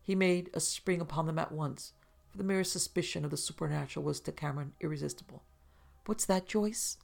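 Woman narrator, deep, husky fry, measured, scripted reading. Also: steady tone. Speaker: audiobook narrator. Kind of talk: scripted narration of a classic novel.

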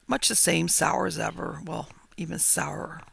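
A man's voice: a little high, steady tone, moderate pace, vocal fry, a bit bright, breathy edge, dry recording, full character voice. A man voicing a theatre assistant stage manager trading dry, gossipy banter backstage. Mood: wry.

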